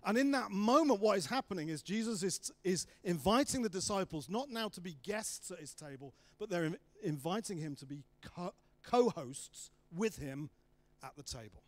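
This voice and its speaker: A man preaches a sermon in a fairly high voice and acts out the voices of the people in his story. The sound is close and dry. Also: moderate pace, few pauses, no echo. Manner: animated storytelling, acting out voices of the disciples.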